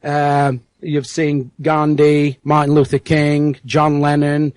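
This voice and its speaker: An English-born man with a Yorkshire accent softened by years in America, a podcast guest talking earnestly with many fillers. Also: on the high side, completely flat delivery, takes it slowly, clear, resonant tone, no room sound, low-quality recording. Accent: Yorkshire mixed with American. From England. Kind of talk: casual interview.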